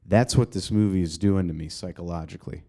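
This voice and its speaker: A male comedian hosting his own podcast, ranting casually and profanely, rambling with sudden jumps in pitch, recorded in an apartment. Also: steady tone, fairly quick, vocal fry, dark tone. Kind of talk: casual solo podcast rant.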